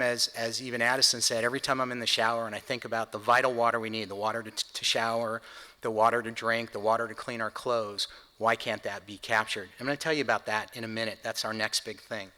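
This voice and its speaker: A man addresses a conference audience in an earnest, plainspoken way, reaching for everyday comparisons. His voice is strikingly bright and forceful. The sound rings with the long reverb of a large hall. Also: medium pitch. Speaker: home builder executive speaker. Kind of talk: conference speech.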